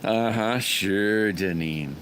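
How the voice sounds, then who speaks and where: Deep-voiced folksy man chatting on a live stream. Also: takes it slowly, a bit bright, slight background noise. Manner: rambling and folksy, greeting viewers by name. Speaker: livestream host. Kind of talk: casual live-stream chat with viewers.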